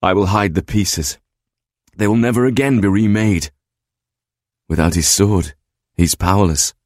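A man's voice: lowish voice, darkish tone, no room sound, clean studio sound, natural voice. A man voicing a solemn, sorrowful godlike male warrior who speaks in grave, formal sentences. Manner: grave, formal, measured speech.

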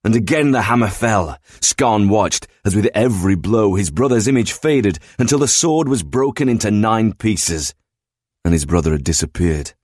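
A man reading a story aloud in steady, descriptive narration. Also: fairly low pitch, normal speed, breathy edge, no echo, clean studio sound.

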